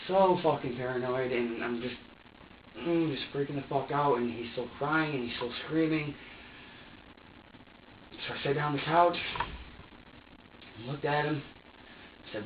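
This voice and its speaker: A man's voice: medium pitch, moderate pace, long pauses, a little hiss or hum. A young man being questioned by police, talking in an agitated, profane rush with stammered repeats. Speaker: suspect under police questioning. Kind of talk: interrogation statement. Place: interrogation room. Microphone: distant security camera mic. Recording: roomy, distant, dull lo-fi security footage.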